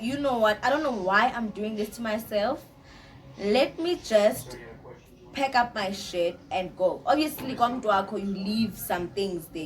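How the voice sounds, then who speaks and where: A young woman, telling a personal story to camera in a casual, animated way, often repeating herself. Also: mid-range voice. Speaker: storytime vlogger.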